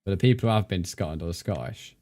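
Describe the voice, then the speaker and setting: A male streamer with a low, slightly mellow voice talks very fast as he plays. He rambles casually in live-stream chat while gaming and thanks viewers by name.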